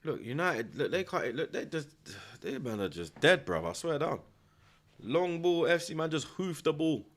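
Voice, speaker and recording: A man with a London accent hosting a football watchalong, slangy and teasing, flaring up excitedly at the action from home. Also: a little high, normal speed. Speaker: host. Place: at home indoors.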